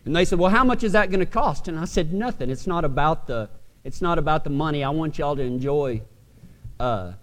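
Man, pastor, Texan accent, animated folksy storytelling, reverberant hall. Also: on the high side, a little fast. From West Texas. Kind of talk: storytelling sermon.

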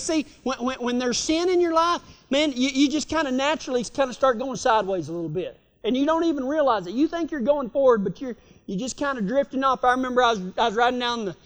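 A man, preaching with a strikingly high voice. He talks in a folksy, storytelling way, often restarting his sentences. His voice rings with the long reverb of a large hall. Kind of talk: folksy sermon.

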